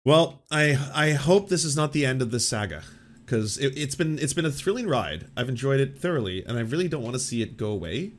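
A man's voice: medium pitch, lively intonation, fairly quick. A man hosting a political commentary show, talking in a sarcastic, mocking way and swearing freely.

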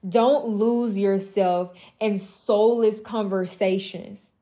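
Blunt, emphatic woman with a mellow voice. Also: mid-range voice, steady tone, slow pace. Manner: emphatic, repetitive, blunt and profane, with mocking asides. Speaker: women's mentor. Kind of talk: impassioned motivational monologue.

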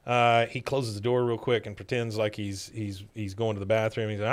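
A man's voice: fairly low pitch, steady tone, fairly quick, hardly any pauses, fairly bright tone. Casual man recapping a cartoon episode. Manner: retells scenes, briefly mimicking characters' lines. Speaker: podcast host recapping episodes.

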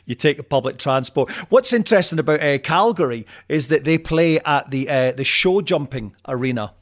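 Chatty storytelling man, a little high. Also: lively intonation, normal speed. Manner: chatty storyteller, restarts, laughs at own anecdotes. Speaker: podcast guest. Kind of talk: casual chat. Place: home in Canada.

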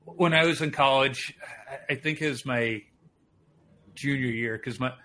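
A man hosting a laid-back conversation, recounting anecdotes with lots of laughter. His telling is lively and chatty, never scripted. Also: medium pitch, moderate pace, slight background noise. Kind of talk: casual storytelling chat.

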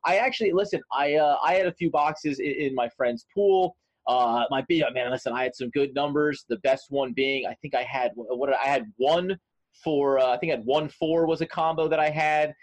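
A man's voice: a little high, moderate pace, no room sound. A man co-hosting a sports podcast, chatting casually in a rambling, joking way with many restarts. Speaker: podcast co-host.

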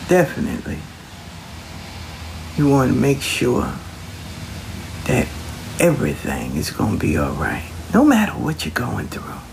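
A man's voice: mid-range voice, wildly swooping pitch, slow pace, vocal fry, pauses often, slight background noise. A man giving a casual, colloquial spiritual pep talk, reassuring the listener and repeating his phrases. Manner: colloquial, slangy. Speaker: motivational speaker.

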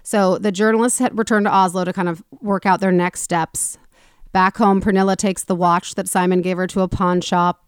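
A woman hosting a casual talk show, retelling a story in an animated way and acting out the people in it. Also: on the low side, normal speed, clean tone, no room sound, studio quality. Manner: animated retelling, acts out quoted people with swearing. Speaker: podcast host.

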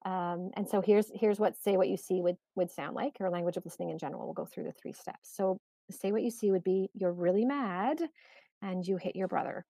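A middle-aged woman, a parenting coach, explaining calmly in a podcast interview, with many fillers and restarts. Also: on the low side, a little fast, gravelly, no room sound.

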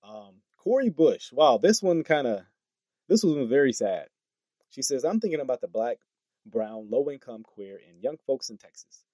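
A man delivering casual commentary straight to the mic, his pitch swinging widely as he reacts with disbelief. He trips over words and repeats himself, and the recording is dry and close. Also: normal speed, dry recording. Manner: animated, incredulous, stumbles over words with laughs. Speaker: political commentary host. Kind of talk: casual commentary reading tweets.

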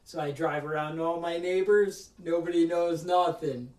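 A man's voice: a little high, fairly even intonation, normal speed, darkish tone, echoey room, recorded from a distance. A man hosting a casual podcast, telling a story in a ranting way and acting out other people's lines. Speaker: podcast host.

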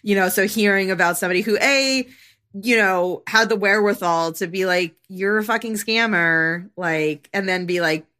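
A woman's voice: medium pitch, normal speed, pushed and bright. A woman co-hosting a podcast in casual chat, rambling through a news story with many filler words. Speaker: podcast co-host.

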